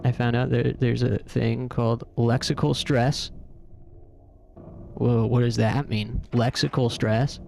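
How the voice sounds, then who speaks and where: A man chatting casually while streaming a game, wondering aloud and sounding out words. His voice is mid-pitched with a gravelly edge. A faint hiss sits behind him. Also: level tone, a little slow, dark tone. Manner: musing and curious, trying out words aloud.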